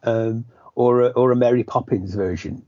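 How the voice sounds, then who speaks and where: A man's voice: medium pitch, fairly even intonation, moderate pace, mellow, dry recording, highs cut off. A British man co-hosting a podcast, chatting casually about a film, rambling with lots of restarts. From Britain. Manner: rambling, self-correcting, many restarts. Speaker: podcast co-host.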